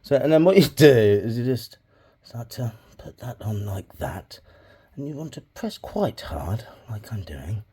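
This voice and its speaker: A crafting hobby vlogger shapes clay pots while giving a casual tutorial, rambling, swearing freely, and muttering asides under his breath. His mid-range voice is warm and slightly rough, with big pitch swings, a slightly slow pace, and few pauses.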